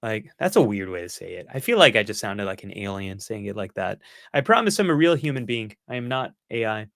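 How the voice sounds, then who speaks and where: Man, bright forceful tone, dry close sound, live-stream Q&A host, earnest and encouraging. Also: lowish voice, sing-song, a little fast, gravelly, no echo. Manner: earnest, encouraging, with self-mocking asides. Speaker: psychologist hosting a live-stream Q&A. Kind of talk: live-stream Q&A, answering viewer questions.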